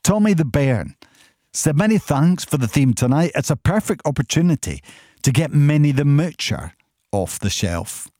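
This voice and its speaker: A man's voice: fairly high pitch, big pitch swings, moderate pace, mellow, no echo, clean studio sound. A man presenting an evening radio phone-in, chatty and amused as he reads out listener messages and song lyrics. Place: radio studio. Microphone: studio microphone.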